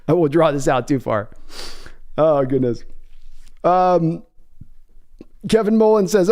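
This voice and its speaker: A man's voice: on the high side, sing-song, normal speed, a little mellow. Laid-back male podcast host. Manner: laughing, loose, casual. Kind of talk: casual chat.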